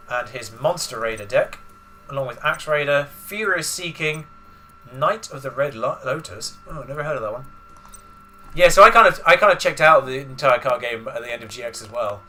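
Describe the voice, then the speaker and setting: A man's voice: mid-range voice, moderate pace, bright, forceful tone, faint music behind. Chatty male let's play commentator. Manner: rambling, chatty explanations. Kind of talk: casual gameplay commentary.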